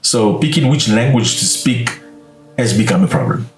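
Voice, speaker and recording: A man hosting a casual commentary, lively and expressive, now and then dropping to a hushed aside. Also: medium pitch, moderate pace. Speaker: commentary channel host. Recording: roomy echo, slightly distant mic, faint music.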